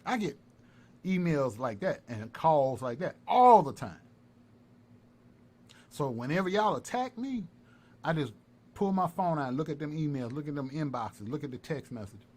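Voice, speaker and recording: Taunting man, lively pitch swings. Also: moderate pace, long pauses. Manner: taunting, repetitive, animated. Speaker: live-stream commentator. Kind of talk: heated livestream callout. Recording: faint background noise.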